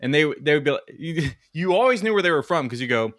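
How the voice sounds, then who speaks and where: Bright-voiced man chatting casually. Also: a little high, quick pace, few pauses. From West Virginia, USA. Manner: animated storytelling, laughs often, lots of "like" fillers. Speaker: podcast co-host. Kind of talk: casual chat.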